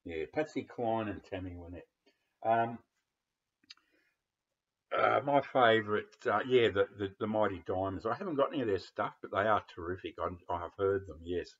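Australian male vlogger, very low and husky, blunt and rambling, sweary, dull lo-fi sound. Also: normal speed. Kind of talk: casual chat about records.

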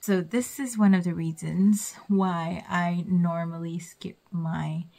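A woman's voice: fairly low pitch, steady tone, slow pace, vocal fry, warm tone. A young woman vlogging her night routine in a chatty way, often dropping to a whisper. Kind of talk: casual vlog narration.

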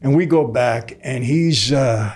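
A man's voice: medium pitch, slow, darkish tone. An older man, a guest telling anecdotes in a casual interview, with frequent "right?" asides. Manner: streetwise, tells anecdotes with lots of "right?" asides.

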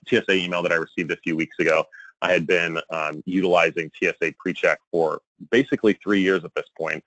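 A man giving a conversational presentation, often checking in with a quick "right?" and rising sharply when he quotes examples. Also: deep voice, a bit bright, no room sound, rough recording. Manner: conversational, frequent tag "right?". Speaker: conference speaker on email marketing. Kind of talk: presentation talk.

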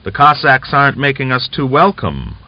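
A man's voice: medium pitch, very animated, moderate pace, pitched above the performer's own voice. A man reading aloud, voicing a scheming, boastful Cossack rebel leader who talks with coaxing, smug confidence, on a dull lo-fi recording.

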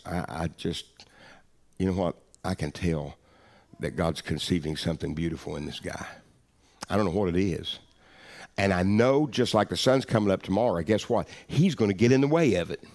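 A middle-aged man preaching a sermon, telling a story and repeating phrases for emphasis, dropping low and quiet then rising loud and emphatic. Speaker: pastor.

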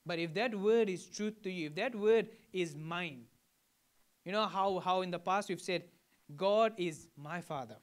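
A Fijian man who serves as a pastor preaches in a smooth, high voice at a measured pace. His sermon feels like a conversation, with frequent questions directed at the congregation.

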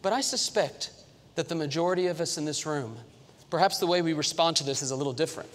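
A man preaching an earnest, emphatic sermon, slowing and repeating key lines to drive them home. His voice sits a little high. It rings with a long reverb through the church sanctuary. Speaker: pastor.

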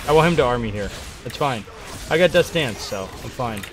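A young man giving playful, excitable live commentary on his own video game match, trash-talking and hyping himself up. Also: medium pitch, a little fast, over music. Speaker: gaming streamer.

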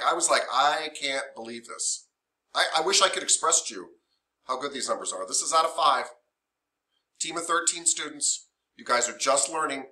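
A man teaching a massage therapy class, chatty and emotional, acting out what clients say. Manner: animated, emotional, chatty with many fillers; acts out quoted clients in higher voices. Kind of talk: classroom lecture.

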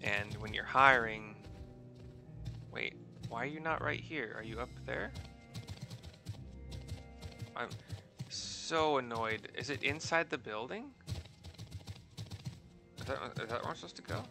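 A man's voice: mid-range voice, animated, a little slow, gravelly, long pauses, music in the background. A man narrating his gameplay in a chatty, rambling, self-deprecating way. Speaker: gaming channel host.

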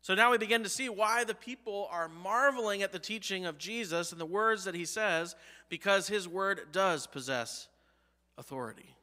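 A man's voice: sits high, moderate pace, bright, forceful tone, big-room sound. A male pastor preaching a sermon, emphatic, asking the congregation rhetorical questions. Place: church sanctuary.

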